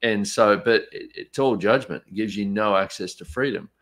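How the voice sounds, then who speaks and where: A man's voice: fairly low pitch, moderate pace, fairly bright tone. A man in a casual live conversation, talking in a reflective, easygoing way. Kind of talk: casual chat on a live stream.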